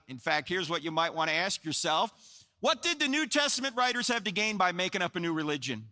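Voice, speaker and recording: Lively bright-voiced man in his sixties lecturing. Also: sits high, brisk. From New Jersey, USA. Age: 60s. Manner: animated storyteller, jokey asides, acts out dialogue. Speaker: Christian apologetics speaker. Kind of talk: live lecture to an audience. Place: large hall with live audience. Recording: long hall reverb.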